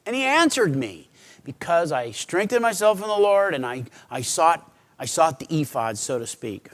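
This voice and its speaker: A middle-aged pastor preaching a sermon in an earnest, conversational way, swinging between loud emphasis and quiet pleading. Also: male voice, fairly high pitch, sing-song, normal speed. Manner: conversational, with restarts and asides.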